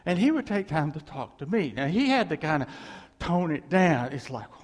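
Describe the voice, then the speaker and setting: A man preaching in a storytelling sermon style, animated and laughing as he acts out what others said to him. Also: on the high side, unhurried, pauses often. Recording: long hall reverb.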